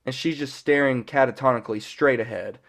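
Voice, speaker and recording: A man's voice: medium pitch, brisk, fairly bright tone. Man rambling through a casual recap. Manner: rambling, full of fillers and mild swearing. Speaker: fan reviewer.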